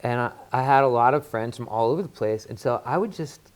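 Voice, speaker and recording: A man's voice: mid-range voice, a little fast. A man from the Washington, D.C. area, a guest on a talk show, telling stories in a casual, joking, rambling way with lots of fillers. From Washington, D.C. area, USA. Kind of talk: casual storytelling chat.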